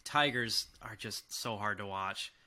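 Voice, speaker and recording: A man hosting a casual sports podcast, opening with an upbeat, animated delivery and chatting with friends. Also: lowish voice, a little slow. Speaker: podcast host.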